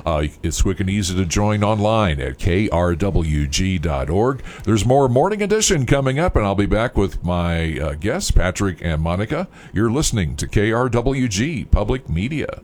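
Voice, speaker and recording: Male radio host, deep voice, casual pledge-drive patter. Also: big pitch swings, moderate pace, hardly any pauses, a little mellow. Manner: rambling, filler-heavy.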